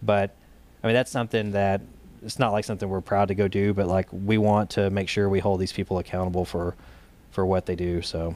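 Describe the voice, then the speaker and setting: A man's voice: deep voice, flat delivery, brisk, a little mellow. A man, a guest in a casual interview, tells a long story in loose runs full of fillers and restarts. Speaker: guest, state director of a gun rights group.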